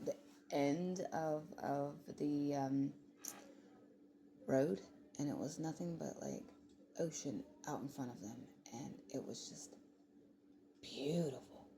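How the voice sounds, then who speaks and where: A woman's voice: low voice, takes it slowly, creaky, dark tone, a little hiss or hum. A woman vlogger talking in a rambling, heated casual monologue, full of fillers and swearing.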